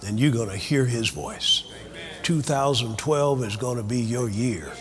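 A man's voice: medium pitch, a little slow, big-room sound, a crowd in the background. A man preaching a sermon, leading the congregation in call-and-response. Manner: lively, call-and-response preaching with quoted voices.

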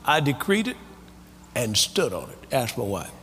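Lively preacher man in a reverberant hall. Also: mid-range voice, unhurried, slight background noise. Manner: lively, call-and-response preaching with quoted voices. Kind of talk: sermon.

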